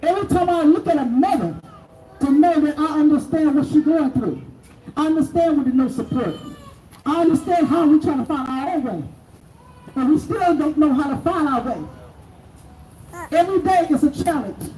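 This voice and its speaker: Warm in tone and sitting high, the voice of a middle-aged mother who lost her child moves at a moderate pace with frequent pauses as she angrily addresses protesters by city hall. Distant, echoing outdoor noise fills the recording.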